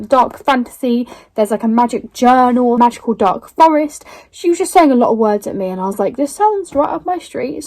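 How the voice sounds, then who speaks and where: A young woman gushing excitedly about books she bought and won in a casual vlog. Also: a little high, dry recording. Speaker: book vlogger.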